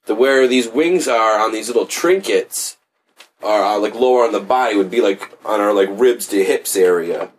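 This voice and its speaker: A man's voice: fairly low pitch, moderate pace. A man in casual conversation, rambling loosely with lots of fillers and offhand swearing.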